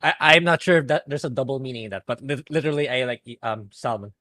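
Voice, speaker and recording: A man's voice: medium pitch, fast talker, bright, forceful tone, no echo, studio quality. A man co-hosting a casual podcast, giving hesitant, bemused replies. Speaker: podcast co-host. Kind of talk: casual chat.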